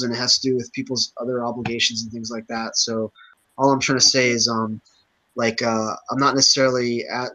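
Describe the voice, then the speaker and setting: A man chairs a casual online meeting in a bright, ringing voice. He hesitates often, restarting phrases and leaning on fillers. The sound comes through a video call. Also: mid-range voice, low-quality recording. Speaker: chapter organizer leading an online meeting.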